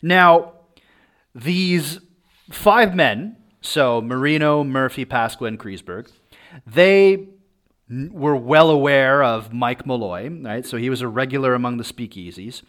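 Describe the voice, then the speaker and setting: A man's voice: medium pitch, animated, slow pace, a bit bright. A man hosting a podcast, telling a true-crime story in a casual, chatty way and often checking in with "right?".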